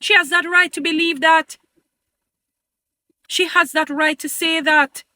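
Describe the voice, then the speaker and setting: With a high, bright voice held steady, a woman vlogger insistently argues her views straight to camera, pleading with her followers until she sounds like she's preaching. She addresses them as "beautiful people," speaks a little slowly, and the recording has no room sound.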